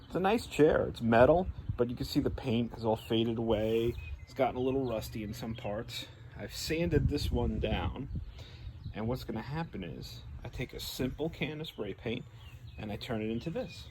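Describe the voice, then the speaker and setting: A man's voice: medium pitch, lively intonation, darkish tone, slight background noise. Man teaching phonics to young children. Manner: slow, clear, sounding out letters with exaggerated questions. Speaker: first grade teacher. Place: at home.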